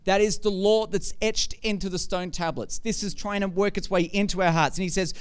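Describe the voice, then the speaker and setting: High-voiced, clear-toned male preacher. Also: normal speed, hardly any pauses. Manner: conversational, asks rhetorical questions, grows forceful. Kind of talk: sermon.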